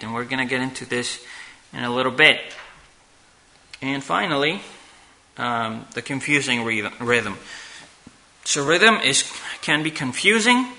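A man teaching a class on church music from slides, talking haltingly and checking in with "okay?" often. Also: mid-range voice, pushed and bright, rough recording. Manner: halting, restarts and fillers, asks "okay?" often. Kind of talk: slide-based lecture.

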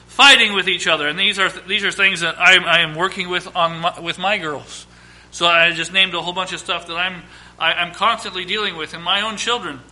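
With a very bright, high voice, this thirtysomething pastor drives home repeated lines and enumerations in his preaching, then sinks into hushed side comments.

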